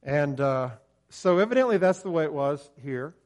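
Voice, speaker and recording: A man's voice: a little high, animated, normal speed, darkish tone. An older man with an Ohio River valley accent, preaching a sermon in a folksy, storytelling way, with many hesitations and fillers. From southern Ohio, USA.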